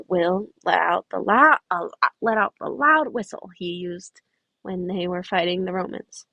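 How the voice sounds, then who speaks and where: A woman's voice: mid-range voice, a bit bright, no room sound, low-quality recording. A woman reading a fan story aloud, often stumbling and restarting phrases, with chatty asides to her listeners. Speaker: podfic reader.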